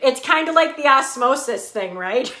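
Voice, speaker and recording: A woman's voice: sits high, expressive, normal speed, sharp tone. A woman hosting a casual live fitness chat, greeting viewers by name and laughing often. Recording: echoey room.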